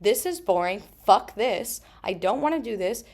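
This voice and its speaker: A woman's voice: a little high, animated, a little fast, darkish tone, voice pushed up. A woman voicing her playful inner-child girl, bored and angry and demanding to play. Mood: petulant.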